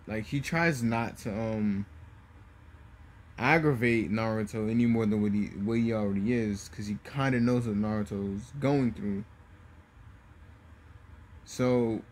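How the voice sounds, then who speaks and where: A man casually retelling a fan story, halting often with fillers and restarts. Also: mid-range voice, a little hiss or hum.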